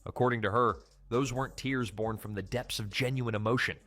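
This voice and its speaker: A man's voice: mid-range voice, steady tone, a little fast, a bit bright, soft background music. A man reading scripted commentary narration in a punchy, dramatic way.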